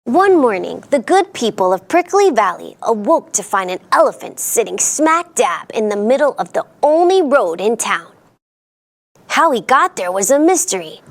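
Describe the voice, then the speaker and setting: A woman's voice: a little high, big pitch swings, moderate pace, gravelly. A woman hosting a children's storytime, reading a picture book aloud in a sing-song storyteller voice and putting on playful voices for the characters.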